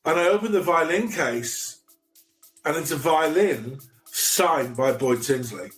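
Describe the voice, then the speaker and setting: Over soft background music, a middle-aged man with a slightly high, animated voice guests on a podcast. He tells his story casually but haltingly, with many stammers and restarts.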